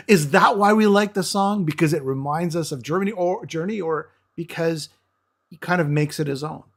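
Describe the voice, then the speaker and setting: A man's voice: on the high side, normal speed. A man co-hosting a metal music show who eagerly breaks down a song's guitar and vocals, stammering at times. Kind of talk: casual music review chat.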